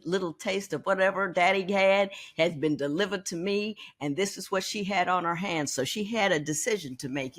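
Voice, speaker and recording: Husky woman in her sixties telling a story. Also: on the low side. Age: 60s. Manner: animated, candid, repeats words while thinking. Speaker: podcast host. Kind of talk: personal storytelling.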